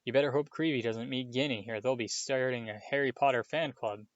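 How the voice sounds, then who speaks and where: A man's voice: mid-range voice, steady tone, a little fast, dry recording, close to an everyday voice. A man voicing a loyal schoolboy friend with a blunt, wry manner. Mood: teasing. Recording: dull, dry lo-fi recording.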